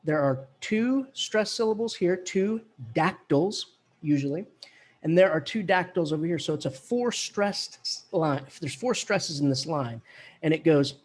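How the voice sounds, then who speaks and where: Guy professor giving a lecture, kinda husky voice a bit on the high side, taps out the rhythm with his voice. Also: measured pace. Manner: animated, chants the verse rhythm aloud. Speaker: English professor. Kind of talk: classroom lecture.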